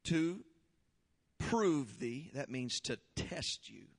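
A man preaching a sermon, leading prayer and praise with fervor, then reading scripture slowly and explaining it. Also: mid-range voice, very animated, vocal fry, husky, big-room sound. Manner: fervent, shouting praise then slow deliberate teaching. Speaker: pastor.

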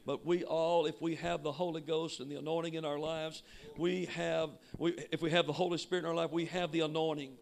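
A man preaching a sermon with emphatic shouting that drops to quiet asides. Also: fairly high pitch, little pitch movement, fairly quick, creaky, few pauses. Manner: shouting, emphatic, swinging between loud and quiet. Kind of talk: Pentecostal sermon.

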